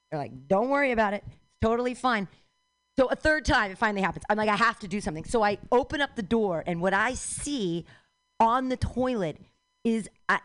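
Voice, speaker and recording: A woman with a fairly high voice hosts a live radio show and tells a rambling story. She talks in an animated, self-deprecating way, trailing off and restarting as she goes. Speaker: show host.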